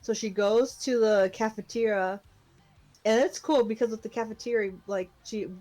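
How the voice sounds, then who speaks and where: A woman's voice: fairly high pitch, fairly even intonation, normal speed, dark tone, soft background music. A young woman co-hosting a podcast, casually retelling an anime episode in a loose, chatty way full of fillers. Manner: chatty, loose storytelling with many fillers and laughs. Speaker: podcast co-host. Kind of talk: casual chat recapping an anime.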